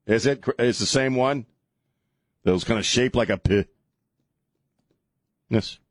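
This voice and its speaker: A man's voice: mid-range voice, measured pace, no room sound. A man hosting a talk radio show, rambling and joking in a casual on-air chat, often chuckling as he talks. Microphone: studio broadcast mic.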